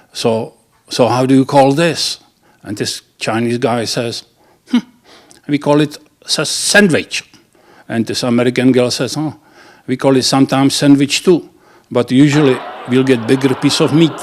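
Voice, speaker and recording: Man, joke teller, halting, restarts words, mid-pitched. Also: fairly even intonation. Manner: halting, restarts words, laughs at own punchlines. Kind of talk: telling dirty jokes.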